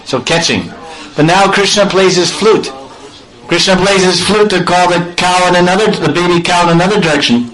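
A man giving a devotional storytelling sermon, playful and animated, acting out sounds and laughing often. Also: high voice, moderate pace, rough recording. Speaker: spiritual storyteller.

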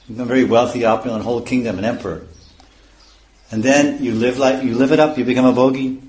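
A man giving a scripture lecture as a spiritual teacher, explaining terms one by one and chuckling at his own points. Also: medium pitch.

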